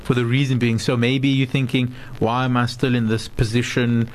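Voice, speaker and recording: A man's voice: medium pitch, little pitch movement, normal speed, a little hiss or hum. A man co-hosting a radio talk show, supportive and explanatory. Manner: supportive, frequent affirmations. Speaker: radio co-host.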